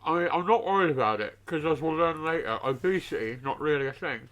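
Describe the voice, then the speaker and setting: A man's voice: fairly high pitch, lively intonation, fast, a bit bright, rough recording. A man hosting a podcast, reading out quiz questions in a dry, teasing manner.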